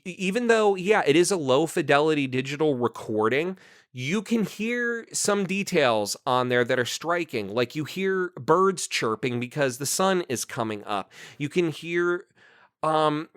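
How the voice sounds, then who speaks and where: A man from New Jersey talks as a guest on an interview podcast, his voice sitting fairly high. He is animated and indignant and keeps dropping in "you know" and "like." The sound is dry and close. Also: no echo.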